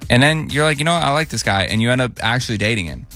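A man's voice: medium pitch, big pitch swings, racing, pushed and bright. A man in his thirties hosts a radio show and tells the story with a playful, teasing edge. His voice sits in the middle range and he breaks into laughter often. A faint music bed plays beneath him. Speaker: radio morning show host. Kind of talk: casual radio banter, storytelling.

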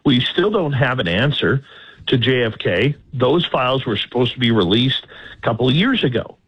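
A man's voice: medium pitch, lively intonation, moderate pace, a bit bright, breathy edge. A male podcast host talking in an earnest, emphatic way and posing questions. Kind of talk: casual conversation. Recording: slightly dull audio.

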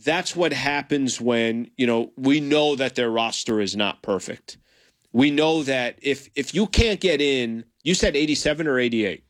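A man's voice: mid-range voice, a little slow. A man co-hosting a sports radio show, talking casually and hedging with restarts.

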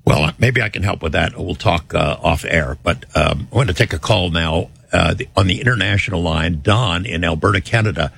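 A man's voice: low-pitched, moderate pace, vocal fry, few pauses, a bit bright, breathy edge. A man hosting a radio talk show, taking calls and steering the talk. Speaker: radio host.

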